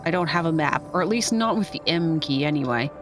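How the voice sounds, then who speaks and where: A woman streamer commentating as she plays a video game, thinking out loud with playful asides. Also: sits low, expressive, brisk. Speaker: gaming streamer. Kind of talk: let's play commentary. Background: game music.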